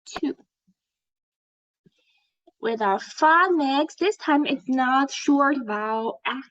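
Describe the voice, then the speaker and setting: A woman teaching an English lesson, speaking slowly, clearly and encouragingly, as if to young learners. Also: high voice, lively intonation, fairly bright tone. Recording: dull lo-fi sound.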